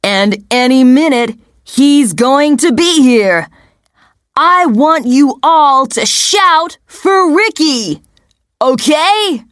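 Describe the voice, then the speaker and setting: A bossy film director calls out instructions to a crowd of extras, as a woman storyteller puts him on. The delivery is very slow, with lively swings in pitch and a dry sound. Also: dry recording, exaggerated voice. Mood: rallying. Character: brisk film director giving crowd orders.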